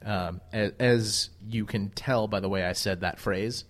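A man's voice: fairly low pitch, steady tone, unhurried. A man co-hosting a casual chat, rambling and hedging with many fillers and restarts. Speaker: podcast co-host.

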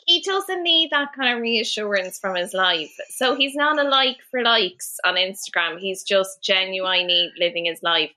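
A woman co-hosting a comedy podcast, rambling through self-mocking stories in animated banter. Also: mid-range voice, moderate pace, few pauses, poor audio. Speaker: podcast co-host.

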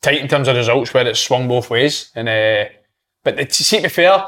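A man's voice: mid-range voice, lively intonation, a little fast, a bit bright. A Scottish man, a guest footballer on a podcast, chatting casually and explaining tactics at length.

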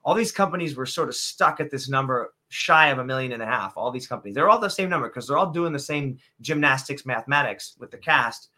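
Male director guest, rapid and bright, casual, profane storyteller. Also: mid-range voice. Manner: animated, swears freely, retells conversations. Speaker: film writer-director guest. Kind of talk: casual interview chat.

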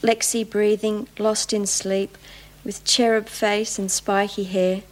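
An actress plays an earnest young prisoner reading a poem aloud. She takes it at a slow, unhurried pace, each line measured and solemn. The sound is a clip from a television drama. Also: medium pitch, flat delivery, lightly acted, rough recording.

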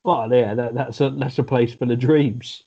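A man's voice: mid-range voice, fairly even intonation, moderate pace, mellow, breathy edge, highs cut off. A man, telling rambling jokey stories in a casual podcast chat. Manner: joking, rambling storyteller.

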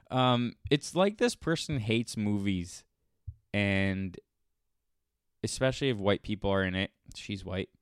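A male podcast host rants in casual reaction commentary, incredulous and sarcastic. His pitch swings widely as he talks, and the recording is close and dry with no room sound. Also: expressive, slow, pauses often, clear, resonant tone, dry recording.

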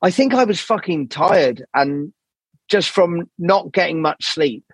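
A man's voice: on the high side, measured pace, husky, no room sound. A man talking as a podcast guest in a candid, rambling way, swearing often. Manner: swears freely, animated rambling storytelling. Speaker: jazz saxophonist, podcast guest.

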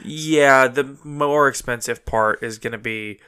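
Stuffed-up guy cohosting a chill podcast, crisp voice, talks fast. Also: mid-range voice, bright, forceful tone. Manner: quick, talkative, laughs easily. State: stuffed up from allergies. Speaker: podcast co-host. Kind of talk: casual chat about card games.

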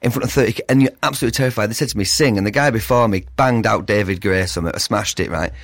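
Quick, chatty male host, mid-pitched, easy laugh, dry studio sound. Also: dry recording. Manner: chatty and animated, laughs often. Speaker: podcast host. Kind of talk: casual interview chat.

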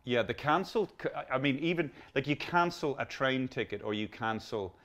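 A man's voice: medium pitch, animated, normal speed, a bit bright. A man in his fifties hosting a podcast in casual conversation, rambling through restarts and swearing freely. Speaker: podcast host.

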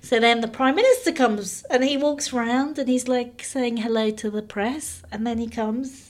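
A woman's voice: on the high side, moderate pace. A woman, animatedly telling a story in casual chat and laughing often.

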